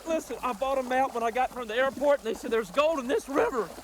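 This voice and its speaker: A man doing comic skit banter, whiny and excitable, forever complaining. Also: very high voice, fast talker, a little hiss or hum.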